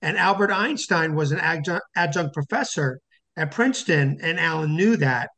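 A man's voice: a little high, moderate pace, bright, forceful tone. A man being interviewed as an author, telling a long anecdote with many restarts and fillers. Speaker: author guest. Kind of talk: phone-in interview storytelling.

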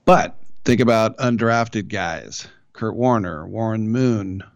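A man's voice: lowish voice, slow pace, no echo, muffled recording. A man hosting a sports radio show, talking in a loose, chatty way with jokey asides. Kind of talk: casual talk radio interview.

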